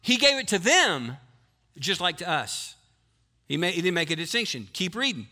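A male pastor preaching a sermon to a live congregation, quizzing the people and switching between quick talk and slow emphasis. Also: sits high, very animated, sharp tone. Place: church before a live congregation.

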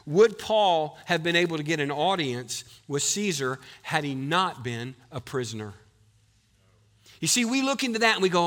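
A man's voice: on the high side, big pitch swings, moderate pace, a bit bright, in a large hall. A man preaching a sermon as pastor, emphatic and building to strong points, calling on his church to answer him aloud.

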